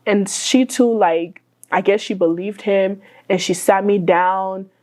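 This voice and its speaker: Brief: woman guest, candid emotional storyteller, mid pitch. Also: steady tone, takes it slowly, a little mellow, low-quality recording. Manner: emotional, many "like" fillers. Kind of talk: casual interview storytelling.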